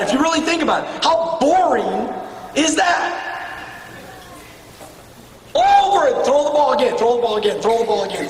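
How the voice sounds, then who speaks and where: 一位在大厅里远远录下的男性激励演讲者，声音偏高. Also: male voice, slight background noise. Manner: blunt and profane, swings between shouting and low intense tones. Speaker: motivational speaker at a sales retreat. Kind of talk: motivational speech to a room. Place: large hall with an audience. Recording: echoey hall from far off with faint ambience.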